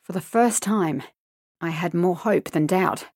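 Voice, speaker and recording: Lady reading a scary story, tense and hushed, lowish voice, dry close mic. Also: a little slow, dry recording. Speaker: narrator. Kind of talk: scripted horror story narration.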